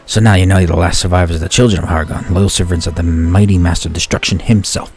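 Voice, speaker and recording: In a deep, slightly mellow voice with fairly even intonation, a man quickly reads game lines as a gloating monster captain, taunting his prisoners with mock-cheerful threats in a lightly acted performance.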